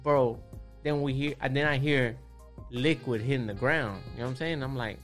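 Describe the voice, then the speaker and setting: A man's voice: mid-range voice, normal speed, fairly bright tone, soft background music. A man, a tattoo artist, telling a story in a laid-back way, with lots of swearing and repeated "you know what I'm saying". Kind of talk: casual storytelling.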